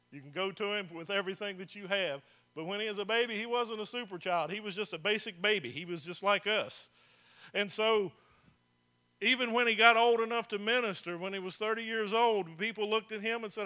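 This man's voice sits high and has a sharp tone, and he speaks a little fast. Preaching as a pastor, he addresses his congregation conversationally, asking them questions and repeating phrases to drive points home.

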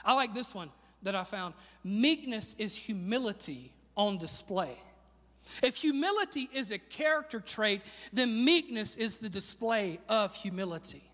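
A man preaching a sermon as pastor, animated, rising to shouts on key lines and asking the congregation to repeat words after him. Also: high voice, a little slow, in a large hall.

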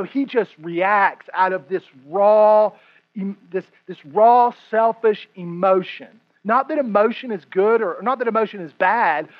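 High-voiced joking preacher man. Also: muffled recording. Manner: animated, joking, repeats words. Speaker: pastor. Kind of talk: sermon.

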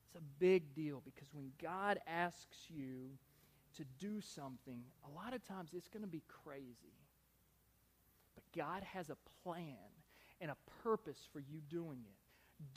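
A young adult man preaching a sermon, animated and conversational, often repeating words and restarting phrases. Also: on the high side, normal speed. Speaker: pastor.

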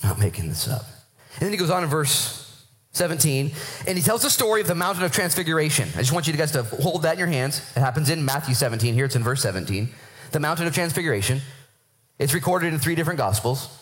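Male pastor, lively sermon delivery, somewhat high voice, animated storytelling. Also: fast talker, rough recording.

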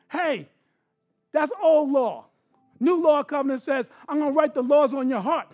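A man preaching a sermon as pastor, dropping to hushed asides and then building to loud, emphatic bursts. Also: extremely high pitch, very animated, normal speed.

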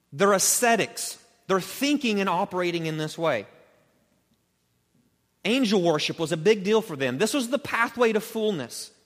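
A high-voiced male preacher delivering an animated Bible sermon, often sinking low and soft for emphasis. The sound carries a long reverb, as in a large hall. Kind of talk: expository sermon.

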